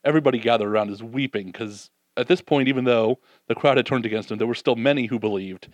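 Male preacher, mid-pitched, lively scripture retelling, dead-dry close recording. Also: no room sound. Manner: animated, voices the disciples' doubts, drops soft and slow for reflection. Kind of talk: sermon.

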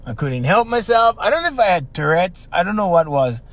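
Older man, Hawaiian accent, casual slangy storytelling, fairly high voice, lively swings in pitch. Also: brisk. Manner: animated, slangy, repeats himself. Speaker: podcast host.

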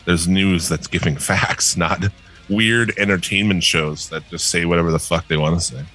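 A man with a deep, bright voice co-hosts a podcast, talking loosely and sarcastically with plenty of swearing. Faint music sits in the background. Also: steady tone, moderate pace. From northern United States. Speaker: podcast co-host. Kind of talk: casual profane podcast chat.

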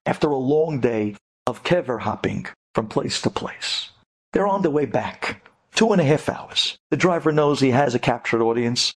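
A man's voice: mid-range voice, normal speed. A man telling an inspirational story dramatically, with sighs and asides to his listeners. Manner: dramatic, animated, sighing.

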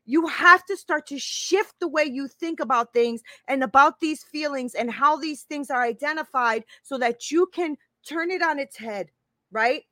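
High, bright-voiced woman in her fifties. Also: normal speed, no room sound. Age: 50s. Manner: emphatic, repeats phrases, keeps asking "right?". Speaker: life coach hosting a live stream. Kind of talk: casual motivational live-stream talk.

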